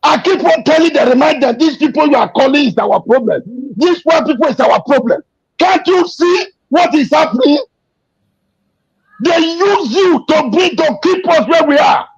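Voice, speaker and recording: Man, very high voice, emotional repetitive political rant, dull lo-fi sound. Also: animated, moderate pace. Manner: emotional, repetitive, shouting in anger at times. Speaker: activist speaking to an interviewer. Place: abroad. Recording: dull lo-fi recording.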